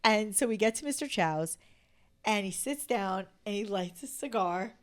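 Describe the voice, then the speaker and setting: A woman in her fifties from New Jersey, chatting as a podcast guest in an even, mid-pitched voice. She tells her stories in an animated way, slipping into the voices of the people she quotes and filling her sentences with "like.". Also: moderate pace. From New Jersey, USA. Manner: animated, acts out quotes, many fillers of "like". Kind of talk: casual anecdote storytelling.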